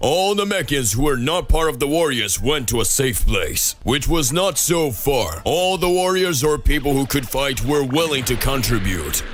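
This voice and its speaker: Man, fan story narrator, steady, mid pitch. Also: moderate pace, few pauses, soft background music.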